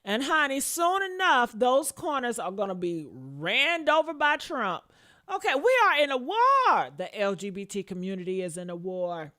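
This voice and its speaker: Sassy, lively woman dishing celebrity gossip. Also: fairly high pitch, normal speed. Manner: sassy and blunt, calls listeners "honey", swears freely. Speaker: host of a gossip commentary show. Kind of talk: casual celebrity gossip commentary, reading comments. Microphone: camera mic with headphones on.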